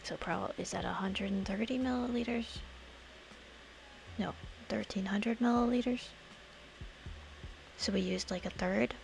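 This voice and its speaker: Slow, creaky-voiced woman streamer. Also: medium pitch, darkish tone, a little hiss or hum. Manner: thinks aloud, murmuring to herself. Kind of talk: casual gameplay chatter.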